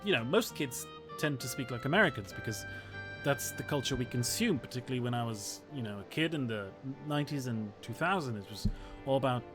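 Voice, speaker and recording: A man's voice: medium pitch, animated, a little fast, few pauses, music in the background. A man in his thirties from Portugal, a native Portuguese speaker with a British-sounding English accent, chatting articulately with viewers while playing a strategy game. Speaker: historian streaming a strategy game. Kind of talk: casual livestream chat and game commentary.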